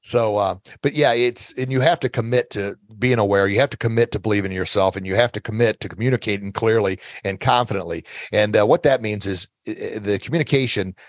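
A man's voice: fairly low pitch, fast talker, hardly any pauses, dry recording. A middle-aged man giving earnest, motivational self-defense advice as an interview guest, coaching listeners and repeating his key phrases.

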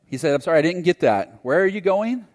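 A preacher voicing a kindly patrol officer. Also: male voice, on the high side, lively intonation, pitched above the performer's own voice, close to an everyday voice. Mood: friendly. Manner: gentle, unhurried, kindly. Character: calm friendly male highway patrol officer. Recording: long hall reverb.

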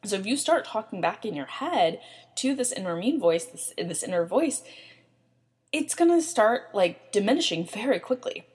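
A woman's voice: medium pitch, very animated, moderate pace, a little mellow, slightly rough. A young woman hosting a podcast, giving self-help tips in a chatty way with many fillers. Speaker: podcast host. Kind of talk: casual self-help talk.

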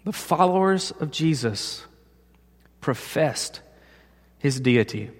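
A pastor preaches a sermon, telling stories and acting out the voices of the people in them when he quotes them. His voice is on the high side, slow, with lively intonation. The recording has a long hall reverb.

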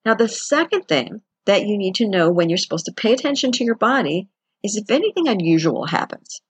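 A woman's voice: mid-range voice, big pitch swings, fairly quick, husky, no echo. A woman giving a chatty, conversational self-help talk as a wellness teacher. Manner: chatty, conversational, acts out quotes with laughs.

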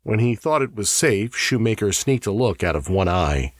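Low, husky male storyteller. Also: no room sound, studio quality. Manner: measured, expressive storytelling. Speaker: narrator. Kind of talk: audiobook narration.

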